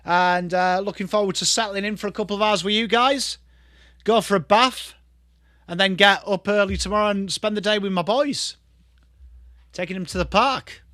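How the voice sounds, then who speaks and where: A man's voice: sits high, moderate pace, pushed and bright, dry recording, clean studio sound. An English man in his thirties, host of a casual live stream, chatting loosely and swearing as he answers viewers. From England. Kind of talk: casual live watchalong chat.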